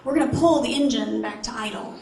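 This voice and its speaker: A woman with a high, bright voice tells a story from the stage of a large event hall and keeps asking the audience questions. The hall echoes around her and a faint background noise runs underneath. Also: fairly quick, gravelly. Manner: animated, asks the audience questions. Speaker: motivational speaker. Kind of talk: keynote storytelling to a live audience. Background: audience responses.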